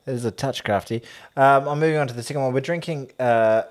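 A man's voice: mid-range voice, fast talker, slight background noise. A man co-hosting a casual podcast, chatting loosely over beers and often trailing off mid-sentence. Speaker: podcast co-host.

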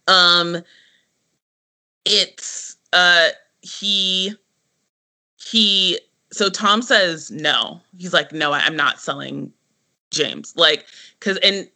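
A man co-hosting a casual podcast, his voice fairly high and strikingly bright. He talks in an animated, rambling way, leaning on "like" and breaking into laughter. The sound is close and clean. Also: drawn-out words, pauses often. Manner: animated, heavy use of "like", frequent laughter. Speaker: podcast co-host.

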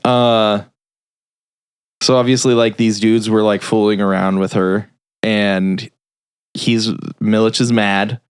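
A man's voice: lowish voice, little pitch movement, slow, long pauses, clean tone, no echo, clean studio sound. A man casually retelling a film's plot on a review podcast, rambling and swearing with many fillers. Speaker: film review podcast host. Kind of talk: casual chat.

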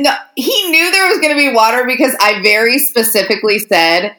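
A woman's voice: high voice, moderate pace, bright, forceful tone, echoey room. A woman co-hosting a podcast in casual chat, teasing and blunt with her friend. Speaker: podcast co-host.

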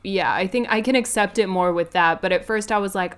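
A woman's voice: mid-range voice, a little fast, a bit bright, clean tone. A woman co-hosting a podcast, talking casually and easily about a film. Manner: casual, easygoing reactions. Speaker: podcast co-host.

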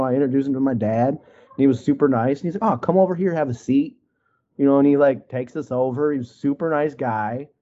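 On a video call, a guest artist from Wisconsin tells a loose, casual story packed with likes and you-knows, imitating the voices of people he quotes. He speaks at an ordinary middle pitch, and the call audio is a little dull.

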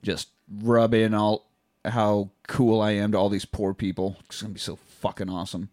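A man's voice: fairly low pitch, flat delivery, normal speed, darkish tone. A man co-hosting a movie rewatch podcast, chatting casually and cursing while retelling scenes. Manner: profane, retells movie scenes in acted quotes. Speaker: podcast co-host. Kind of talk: casual chat.

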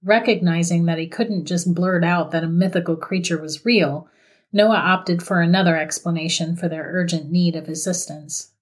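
Woman reading a horror story, low voice. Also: steady tone, normal speed. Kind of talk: scripted horror narration.

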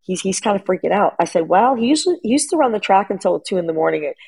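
A woman's voice: medium pitch, very animated, quick pace, creaky, a little mellow, slightly rough, low-quality recording. A middle-aged woman in a casual chat, telling rambling family stories full of "like" and acted-out quotes. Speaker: guest.

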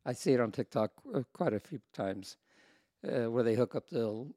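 A man with a mid-pitched voice who talks hesitantly, stumbling and restarting as he explains. The sound is dry and close, with no room echo. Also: normal speed, warm tone. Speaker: podcast co-host. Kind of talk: casual chat.

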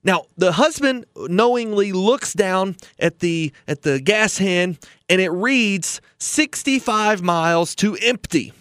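Male podcast host, high voice, dry close mic, earnest persuasive storyteller. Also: animated, slow pace, a bit bright, clean tone, no room sound. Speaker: retirement planning podcast host.

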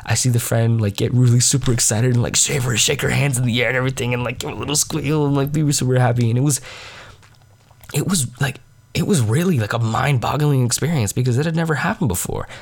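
A man's voice: medium pitch, fast, gravelly. A young man hosting his own podcast, telling a story in a rambling, self-mocking way, full of filler words and a little sniffly. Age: young adult. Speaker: podcast host. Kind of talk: casual late-night storytelling monologue.

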